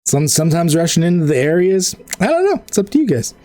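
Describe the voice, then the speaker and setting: A man's voice: fairly high pitch, big pitch swings, fast talker, warm tone. A man running an online tabletop game as game master. He explains the rules patiently and thinks aloud.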